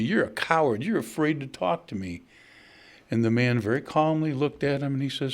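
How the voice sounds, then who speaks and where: A man's voice: mid-range voice, expressive, normal speed. Middle-aged guy preaching, easygoing storyteller, plain mid voice. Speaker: pastor. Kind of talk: sermon.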